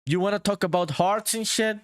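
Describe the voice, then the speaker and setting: A man's voice: high-pitched, fairly quick, clean tone, no echo, studio quality. A young man streaming his game development live, chatting casually with viewers in a laid-back, slangy way.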